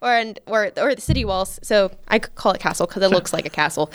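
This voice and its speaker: A woman's voice: mid-range voice, expressive, fast talker. A young American woman in her twenties, a guest on a talk show, eagerly recalling her study-abroad days and saying "like" a lot. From United States. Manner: enthusiastic, giggly, says "like" often. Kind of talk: casual conversation.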